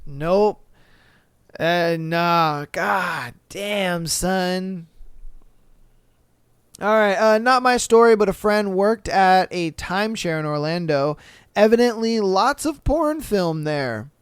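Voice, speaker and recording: A male podcast host reads stories aloud at an unhurried pace and breaks in with profane, animated reactions. His voice is smooth and clear on a close mic. The room is dry and free of echo. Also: high-pitched. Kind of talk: reading stories aloud with casual commentary.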